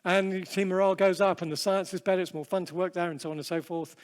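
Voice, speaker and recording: A man's voice: high-pitched, steady tone, quick pace, clean tone, big-room sound. A man giving a humorous, self-deprecating seminar talk, telling stories with frequent restarts and fillers. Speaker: seminar speaker. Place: large hall with long reverb.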